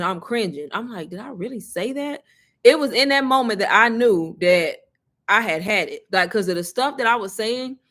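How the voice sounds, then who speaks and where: Chatty woman telling her story. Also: mid-range voice. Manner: chatty, animated, laughs often, addresses viewers as y'all. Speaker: online business creator. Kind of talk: casual storytelling to viewers.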